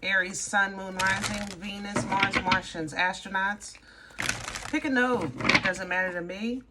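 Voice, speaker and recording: A woman giving a casual tarot reading, chatty and easily excited, rambling and restarting as she talks through the cards. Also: medium pitch, unhurried, heavy background noise. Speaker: tarot reader.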